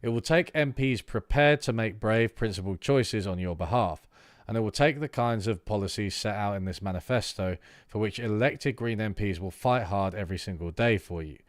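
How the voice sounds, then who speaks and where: A low-pitched man streams himself reading a political manifesto aloud. He breaks off into casual, halting asides full of fillers. His voice sounds close and dry, with no room sound. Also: no echo. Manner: reads text aloud, then breaks off into loose asides with fillers. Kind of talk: livestream reading aloud with commentary.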